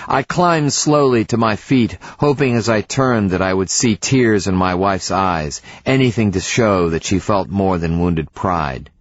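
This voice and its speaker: A man narrating an audiobook in the first person, with a measured, reflective reading. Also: low voice, no room sound. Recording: slightly dull, dry studio recording.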